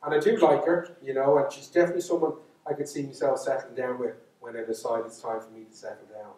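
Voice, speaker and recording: A cocky young Irish playboy with a brash, swaggering way of talking, voiced by an Irish storyteller. Heard in a reverberant hall from a distance. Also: male voice, mid-range voice, steady tone, fast, dark tone, natural voice. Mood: smug. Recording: echoey hall, speaker far from mic.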